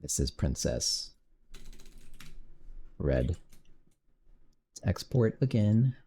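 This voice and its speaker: A man's voice: low-pitched, very animated, very slow, dark tone, slightly rough. A man streaming his game development, muttering to himself while coding and cursing when things break. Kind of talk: casual live-coding commentary.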